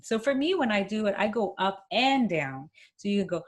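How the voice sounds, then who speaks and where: A woman presenting a workshop, demonstrating a vocal warm-up with hums and chants and encouraging her listeners. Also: medium pitch, lively intonation, normal speed. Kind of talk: instructional workshop talk. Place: home, speaking to camera.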